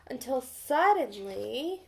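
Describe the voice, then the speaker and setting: A woman reads a picture book aloud to young children, gentle and patient, stopping to ask what they think. Her voice is high and her pace slow and deliberate. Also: very animated, vocal fry, noisy background. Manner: gentle, asks children questions. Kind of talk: children's storybook read-aloud.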